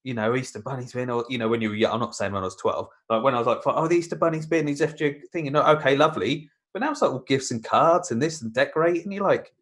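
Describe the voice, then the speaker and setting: A man's voice: medium pitch, fast, few pauses. A man moaning in casual podcast chat, acting out quotes as he tells stories. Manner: moaning, animated storytelling with acted-out quotes. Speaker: podcast co-host.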